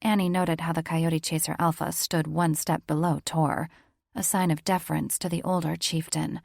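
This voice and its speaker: Gravelly woman narrating an audiobook. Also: deep voice, level tone, moderate pace, no room sound, studio quality. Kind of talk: scripted narration.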